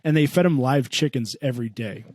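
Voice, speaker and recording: Man, podcast co-host, animated comic storyteller, dry close mic. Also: brisk, dry recording. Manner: animated, swears a lot, voices his mom in a high pitch. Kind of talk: comedic storytelling.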